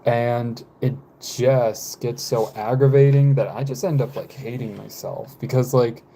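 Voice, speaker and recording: A man in his twenties, chatting casually on a live stream, rambling with frequent fillers and halting pauses. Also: medium pitch, fairly even intonation, creaky, mellow, a little hiss or hum. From United States. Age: 20s.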